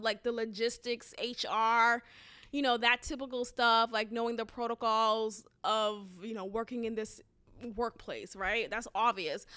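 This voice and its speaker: A woman's voice: a little high, sharp tone, clear, resonant tone. A woman in her thirties hosting a podcast, telling a story in a candid, rambling chat and talking straight to her listeners. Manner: candid and chatty, rambling with restarts, addresses listeners as "y'all". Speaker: podcast host. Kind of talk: casual storytelling monologue.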